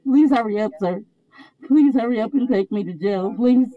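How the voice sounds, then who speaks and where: High-voiced woman crying and begging. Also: normal speed, dry recording, phone-quality sound. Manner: begging, repeating herself. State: crying, in pain. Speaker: detained woman. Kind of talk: pleading from a police car. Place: back of a moving police car.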